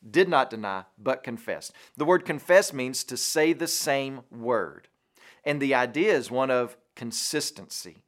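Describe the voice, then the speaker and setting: A radio preacher with a mid-range voice delivers a short devotional sermon. He is earnest and emphatic, stacking up rhetorical questions.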